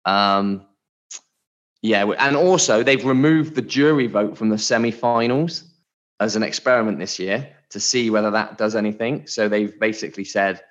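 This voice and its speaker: A man co-hosting a podcast, chatting in a relaxed way and laughing easily. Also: fairly low pitch, moderate pace, highs cut off. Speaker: podcast co-host. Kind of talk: casual educational chat.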